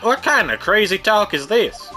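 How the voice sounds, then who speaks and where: A man's voice: high voice, very animated, moderate pace, pushed and bright, voice pushed up, full character voice. A man voicing a swaggering cowboy-style male police officer in a put-on country drawl over game music. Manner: drawling, folksy.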